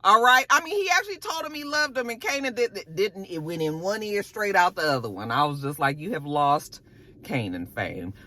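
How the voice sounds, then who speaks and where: A woman recapping a TV episode in a casual vlog, telling it with slangy asides and animated delivery. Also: medium pitch, fairly quick, few pauses. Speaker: TV episode reviewer.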